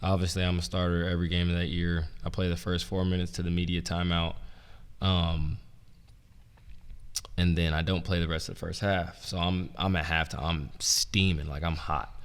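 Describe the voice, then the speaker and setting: A young man, a former college basketball player and coach, telling stories in a relaxed, rambling way, full of "like" and "um". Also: low-pitched, normal speed, clean tone. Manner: relaxed, rambling, heavy use of "like" and "um". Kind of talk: casual storytelling interview. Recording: roomy with long reverb.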